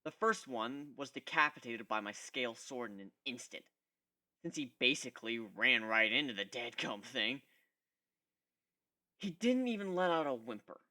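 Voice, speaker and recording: A man giving an expressive first-person dramatic reading of a fan fiction story. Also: mid-range voice, moderate pace. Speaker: reader.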